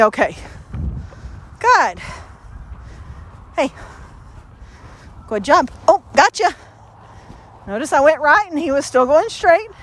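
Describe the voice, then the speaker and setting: With a high-pitched, fairly bright tone, a woman trainer chats her way through a casual dog training demonstration. She uses many fillers and pauses now and then to praise the dog in quick, upbeat bursts.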